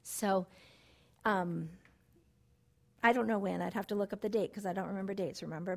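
A middle-aged woman teaching a Bible study in a conversational way, telling personal stories that move from soft and low to excited and emphatic. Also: vocal fry.

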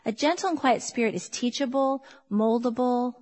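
A woman's voice: on the high side, moderate pace, darkish tone. A woman in her fifties teaching a Bible passage to a congregation, emphatic and conversational, often asking her listeners questions. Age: 50s. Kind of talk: sermon teaching.

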